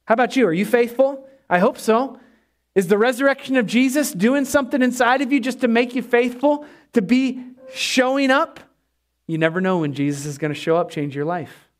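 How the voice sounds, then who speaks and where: Male pastor, high voice, lively sermon delivery with congregation asides. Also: normal speed. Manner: energetic preaching with call-and-response asides. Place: church.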